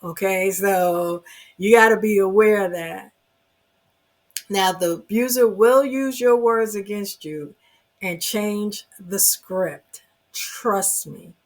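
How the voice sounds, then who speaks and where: Speaking slowly in a mid-range voice, a woman gives her viewers earnest, emphatic relationship advice straight to camera. She often says "you know" and "oh my goodness."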